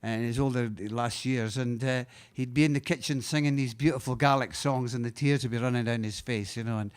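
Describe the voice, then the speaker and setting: Relaxed Scottish man chatting between songs. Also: medium pitch, a little fast, clear, resonant tone. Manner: relaxed and rambling, gentle chuckles, homely storytelling. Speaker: singer-songwriter hosting a live music stream. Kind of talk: casual chat between songs.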